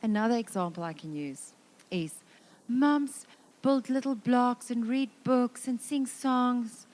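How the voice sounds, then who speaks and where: A South African woman in middle age speaks at a church session in a lively, conversational way. Her talk is humorous and down to earth, and she acts out the words of moms, dads and children as she goes. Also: a little high, slow. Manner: lively and conversational, acting out quoted family members. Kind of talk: humorous sermon.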